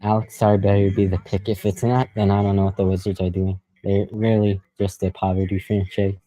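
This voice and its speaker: A man's voice: fairly low pitch, flat delivery, fairly quick, dark tone, rough recording. A young man hosting a live stream, chatting casually and rambling with fillers and self-corrections. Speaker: livestream host. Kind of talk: casual live reaction commentary.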